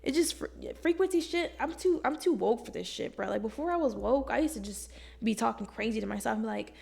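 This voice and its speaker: Blunt, slangy young woman with gravelly fry. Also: fairly high pitch, brisk. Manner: blunt, slangy, profane, animated. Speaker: vlogger. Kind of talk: casual self-help monologue to camera.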